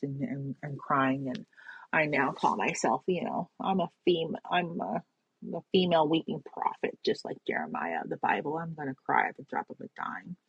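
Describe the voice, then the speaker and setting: A woman's voice: sits low, creaky, slightly rough, dry recording. A woman giving an earnest, spiritual personal monologue, often checking in with "right?" and "you know". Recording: dull lo-fi sound.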